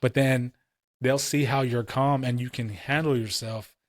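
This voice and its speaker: A man's voice: medium pitch, fairly even intonation, a little slow, dry recording, clean studio sound. A man in his late twenties or thirties, co-hosting a casual podcast and telling stories in heavy, profane street slang. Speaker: podcast co-host.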